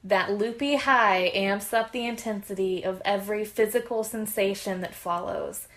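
Female podcast host, mid pitch, reads listener stories aloud in a frank, chatty way. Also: moderate pace, fairly bright tone. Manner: candid, conversational reading with bursts of laughter. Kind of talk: reading a submitted story aloud.

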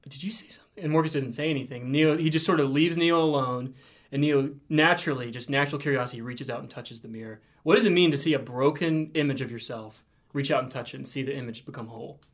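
A man's voice: mid-range voice, fast. Reflective man with a mid-range voice. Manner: reflective, thinks aloud, recounts scenes. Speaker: podcast co-host. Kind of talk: casual chat about a film and faith.

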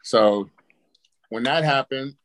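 A man's voice: mid-range voice, takes it slowly, dry recording. A man telling a wild personal story as a podcast guest, swearing freely and acting out his own reactions. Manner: profane and animated, acts out his own reactions. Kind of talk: casual storytelling.

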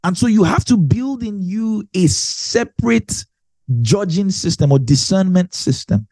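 Husky, warm preacher man. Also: high-pitched, measured pace, no echo, studio quality. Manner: emphatic, repeats key phrases, animated. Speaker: Bible teacher. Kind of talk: sermon teaching.

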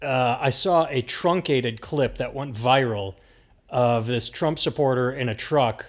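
A man's voice: medium pitch, measured pace. A man hosting a podcast, recounting a story in a wry, insistent way. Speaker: podcast host. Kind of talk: casual chat.

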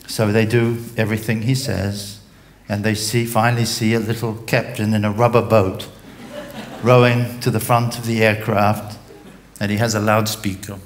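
A man giving a motivational talk, deliberate and measured, sometimes pausing to find his words. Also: fairly low pitch, little pitch movement. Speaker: speaker.

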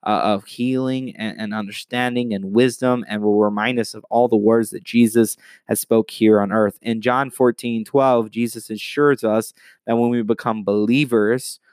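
A man's voice: lowish voice, steady tone, moderate pace, a little mellow, smooth, no echo. A man hosting a podcast, preaching with casual enthusiasm. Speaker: podcast host.

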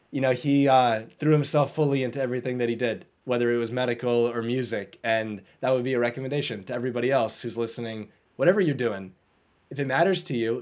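A man guesting on an interview podcast, telling a story with lively energy and frequent laughs. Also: medium pitch. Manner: animated storyteller, laughs often, acts out voices. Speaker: guest coach.

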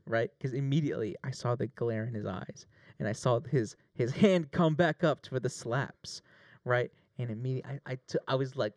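In a dry recording, a man with a mid-range voice talks a little quickly. Acting as plaintiff in a pretend trial, he delivers a long, jokey, profane story with lots of animation, in the spirit of casual mock courtroom storytelling.

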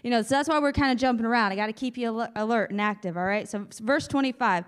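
A woman preacher reads Scripture and adds chatty asides, calling on listeners to say amen. Her voice sits fairly high. A long reverb from the hall hangs behind her. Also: fast, hardly any pauses, clean tone. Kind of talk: sermon with Bible reading.

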